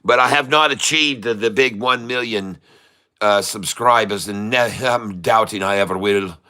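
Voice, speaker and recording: A man's voice: on the low side, moderate pace, sharp tone, clear, resonant tone. An older man hosting a day-trading livestream, chatting casually and joking while he reads viewer comments. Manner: chatty, jokey, laughs often, folksy. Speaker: livestream host, day trader. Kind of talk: casual live-stream chat, reading comments.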